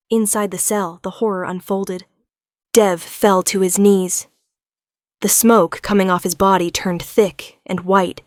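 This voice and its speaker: A woman's voice: mid-range voice, dry recording. A woman narrating a suspenseful first-person audiobook. Her voice sits in a middle range and the sound is dry and close. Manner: tense first-person storytelling.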